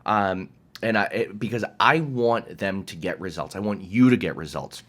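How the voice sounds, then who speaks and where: A man's voice: sits low, normal speed, a bit bright. A man giving a direct-to-camera motivational talk as a coach, emphatic and passionate, swearing freely.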